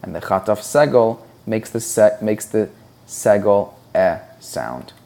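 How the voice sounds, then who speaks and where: A man with a deep, low voice teaches a reading lesson at an unhurried, deliberate pace. He explains each rule patiently and breaks words into syllables, sounding them out one by one. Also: lively intonation, vocal fry, dark tone. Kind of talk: slow, deliberate instructional explanation.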